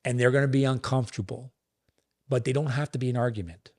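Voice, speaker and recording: On a podcast about relationships, this middle-aged man talks fast in a steady, mid-range voice with a slightly mellow quality. He coaches earnestly and sometimes plays both parts of a dialogue himself.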